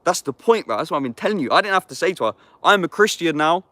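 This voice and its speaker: Fairly high-pitched and animated, this man talks at a quick pace in a pushed, bright voice with no room sound. He's a roughly thirty-year-old YouTuber in the woods, reading scripture aloud and unpacking it in slangy street talk full of swearing and "bruv."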